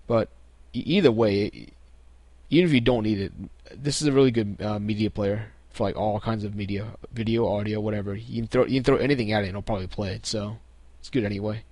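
Speaking quickly in a lowish voice, this young man hosts a casual screen-recorded computer tutorial, taking it step by step. The recording has no room sound, and his relaxed delivery is packed with ums and false starts.

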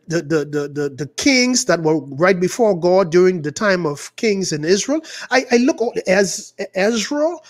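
A man from the Bahamas with a Bahamian accent, a pastor preaching angrily and emphatically, swinging between loud outbursts and quieter asides. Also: high voice. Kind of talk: impassioned preaching.

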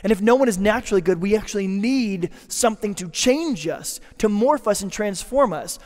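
High-voiced pastor preaching in a reverberant hall. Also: male voice, expressive, moderate pace. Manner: emphatic, shifts between loud declarations and hushed lines. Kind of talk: sermon. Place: church sanctuary. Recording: church hall with long reverb.

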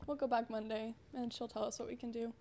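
A young woman with a high, gravelly voice co-hosts a podcast in casual chat. She speaks haltingly, leaning on fillers and soft trailing phrases. Her tone stays quiet and personal. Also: flat delivery, noisy background. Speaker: podcast co-host.

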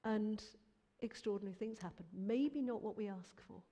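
A woman's voice: medium pitch, normal speed. Earnest woman in her fifties, reverberant. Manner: earnest and animated, rising emphatic bursts. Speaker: Christian musician guest. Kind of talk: personal faith testimony in an interview. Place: church. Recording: long hall reverb.

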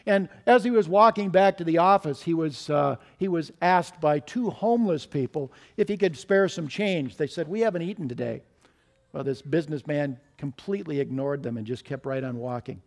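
A man preaching from the pulpit in a slightly high voice. He tells a story and then turns to the congregation with direct questions, urging them to listen carefully. His delivery is earnest throughout. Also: normal speed, few pauses. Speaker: pastor. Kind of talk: sermon. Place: church sanctuary.

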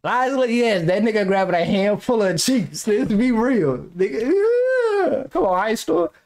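A young man with a fairly high voice riffs through a reaction video, his pitch leaping all over the place. He talks loosely and profanely, laughing often and wandering into long personal stories. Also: normal speed. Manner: animated, profane, laughs often, rambling anecdotes. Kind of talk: casual reaction commentary.

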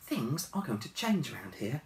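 A man voicing a determined young woman who has taken over a run-down hotel, speaking in a brisk, indignant and bossy way in a storybook reading. He is recorded in a roomy space from a distance, with faint hiss behind him. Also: medium pitch, big pitch swings.

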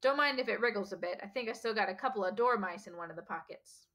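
A woman voicing a huge, bearded male gamekeeper who is gruff but kindly and speaks in a rough, folksy country dialect. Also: medium pitch, quick pace, a bit bright, close to an everyday voice. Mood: rueful.

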